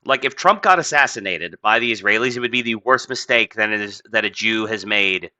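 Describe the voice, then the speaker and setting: Bright-voiced, rambling man on a podcast. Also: on the low side, expressive, fairly quick, no echo. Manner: rambling, profane, many "like" fillers, laughs often. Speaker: podcast host. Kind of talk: casual opinionated podcast chat.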